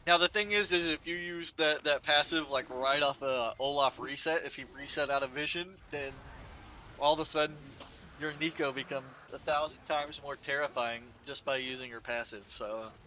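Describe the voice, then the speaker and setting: A man's voice: fairly high pitch, normal speed, sharp tone, slight background noise. A man giving laid-back, joking color commentary on a live esports match, with lots of "uh" and "like". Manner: laid-back, joking analysis with many fillers.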